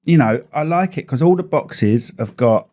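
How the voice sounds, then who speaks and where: A man's voice: a little high, expressive, normal speed, warm tone. A man co-hosting a podcast, chatting casually and joking while eating and rating cereal. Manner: chatty, jokey, eats while talking. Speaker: podcast co-host. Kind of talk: casual chat, cereal taste test.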